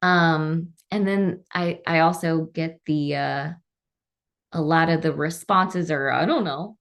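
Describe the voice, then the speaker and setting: Gravelly-voiced woman co-hosting a podcast. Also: sits low, fairly even intonation, slow pace. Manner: reflective, thinks aloud with restarts. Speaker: podcast co-host. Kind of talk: casual podcast discussion.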